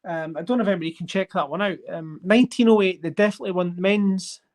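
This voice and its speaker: A host chatting casually on a livestream while sorting coins, rambling and getting excited over finds. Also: medium pitch, fast. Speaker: coin collecting channel host.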